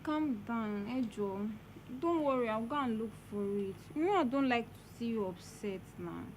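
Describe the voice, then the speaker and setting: A Nigerian young woman with a lively, high voice soothes and pleads patiently, as a woman acts her. Background noise sits clearly behind her. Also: normal speed, close to an everyday voice. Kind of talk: amateur skit acting.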